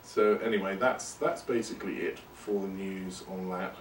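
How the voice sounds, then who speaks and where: A man's voice: sits low, fairly even intonation, normal speed, a little hiss or hum. Rambling man host, roomy distant sound. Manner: rambling and self-deprecating. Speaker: podcast host. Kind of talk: casual monologue.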